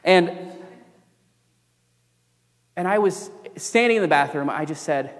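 A young man delivers a sermon from the pulpit in a fairly high voice. He is earnest, leaning into emphatic lines and then sinking into quiet, personal confession. His words carry a long reverb from the church sanctuary around him. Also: normal speed. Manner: earnest, swings from emphatic preaching to quiet confiding. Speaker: pastor.

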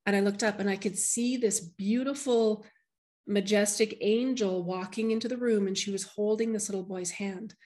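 A woman's voice: medium pitch, fairly even intonation, normal speed, dark tone. A middle-aged woman, a medium, shares a personal story in an interview. She speaks with heartfelt emotion and keeps restarting her sentences as she goes.

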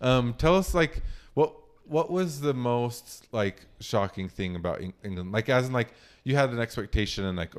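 A man's voice: medium pitch, expressive, normal speed, smooth. A young man co-hosting a podcast, asking questions in an easygoing way with lots of fillers. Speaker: podcast co-host. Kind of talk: casual podcast chat.

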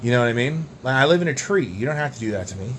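A young man co-hosting a podcast, telling absurd tall tales in a deadpan, rambling way. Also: medium pitch, rapid-fire, slight background noise. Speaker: podcast co-host. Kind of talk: absurd comedic banter.

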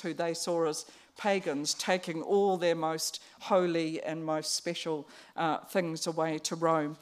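Woman preaching a casual sermon. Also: on the low side. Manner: conversational, with fillers and restarts.

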